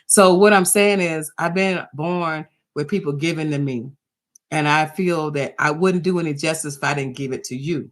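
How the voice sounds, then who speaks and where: A woman's voice: low voice, moderate pace. A woman coaching small business sellers in a motivational talk. She speaks emphatically, repeats her points and checks in with "okay?", and she tells stories in which she acts out the voices of the people in them. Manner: emphatic and repetitive, drives points home with "okay?"; storytelling, acts out quoted voices.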